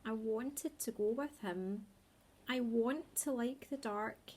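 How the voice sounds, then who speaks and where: A woman's voice: a little high, slow, dark tone, slightly rough, pitched above the performer's own voice. A woman voicing a small, anxious baby barn owl boy who talks eagerly and earnestly.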